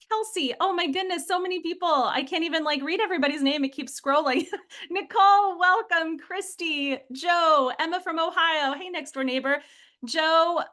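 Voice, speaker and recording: An enthusiastic woman from Michigan hosts a live online webinar, her voice high and bright. She talks with bubbly energy over a video call, calling out attendees by name. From Michigan, USA. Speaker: webinar host. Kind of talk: upbeat live webinar hosting.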